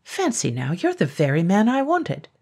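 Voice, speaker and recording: A woman's voice: on the low side, huge pitch swings, normal speed, darkish tone, husky, pitched above the performer's own voice, exaggerated voice. A woman voicing a huge male dragon in iron armor, spluttering and polite but menacing, in a storybook reading. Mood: wheedling. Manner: spluttering, bossy.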